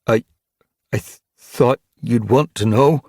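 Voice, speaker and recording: A man's voice: sits low, expressive, a little slow, a little mellow, husky, no echo, clean studio sound, pitched above the performer's own voice, full character voice. A man voicing an anxious white tomcat warrior who stammers and hisses when cornered in an audiobook. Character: anxious white male warrior cat, loyal follower. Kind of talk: audiobook character voice.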